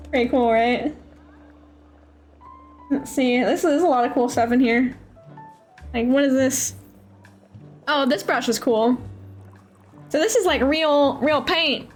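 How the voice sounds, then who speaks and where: A woman streamer chatting casually and enthusiastically while demoing art software, often saying "dude.". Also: high-pitched, slow pace, long pauses, faint music behind. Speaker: streamer, host.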